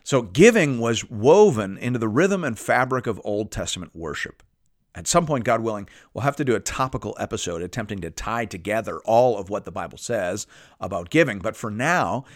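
Male Bible teacher, expressive delivery, dry close sound. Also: mid-range voice, dry recording. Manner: measured reading with lively emphasis. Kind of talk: scripted Bible study podcast teaching.

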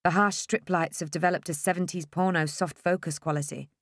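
A woman narrating a first-person audiobook in a wry, expressive storytelling manner. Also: on the low side, fairly quick, no room sound, studio quality.

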